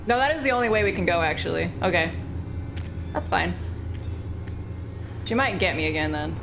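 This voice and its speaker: A woman's voice: lowish voice, normal speed, long pauses, a bit bright, slight background noise. A woman streamer giving live gameplay commentary, exclamatory and swearing, talking back at the game.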